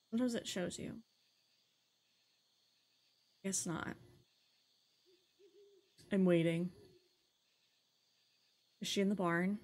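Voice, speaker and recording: A young woman hosting a casual let's-play, chatting excitedly and gushing as she plays. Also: mid-range voice, slow, long pauses. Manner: bubbly, excitable, gasps and gushes often. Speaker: gaming channel host. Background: faint game music.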